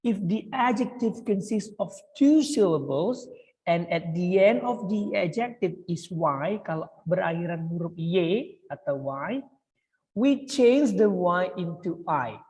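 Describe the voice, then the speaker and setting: A woman's voice: on the low side, expressive, a little slow, dark tone, in a large hall, low-quality recording. A woman with an Indonesian accent teaching English grammar, coaxing and repeating words for her pupils.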